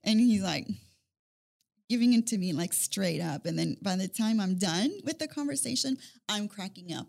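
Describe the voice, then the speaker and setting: A woman's voice: mid-range voice, animated, normal speed, creaky, darkish tone. Chatty woman who rambles and laughs. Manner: rambling, repeats words, laughs a lot. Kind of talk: casual chat.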